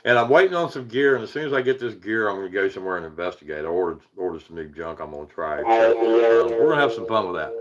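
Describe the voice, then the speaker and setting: A man with a rural Virginia hill accent talks casually to a livestream audience, in a somewhat low voice. He rambles, restarts, and chuckles as he greets viewers by name. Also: fast talker, crowd noise, rough recording. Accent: Appalachian Virginia hill accent. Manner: rambling, chuckling, reads out chat names. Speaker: paranormal livestream host.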